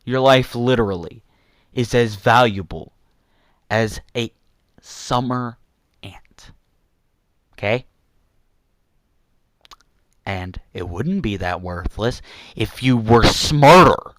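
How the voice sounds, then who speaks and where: A man's voice: mid-range voice, slow, long pauses, fairly bright tone, no room sound. A young man delivering an angry, repetitive rant to his viewers, insulting some people and apologizing to others. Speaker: youtuber ranting to viewers.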